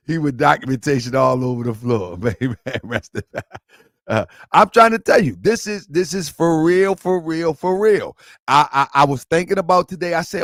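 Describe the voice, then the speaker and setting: A man hosting a livestream show, talking casually and excitably to viewers, repeating himself and laughing often. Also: medium pitch, no echo, clean studio sound.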